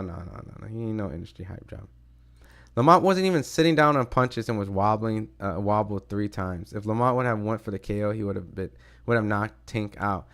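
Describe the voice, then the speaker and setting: A man's voice: on the low side, a bit bright. A man hosting a boxing talk livestream, chatting loosely with many fillers and reading viewer comments aloud. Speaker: boxing show host reading live chat. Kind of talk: casual livestream chat.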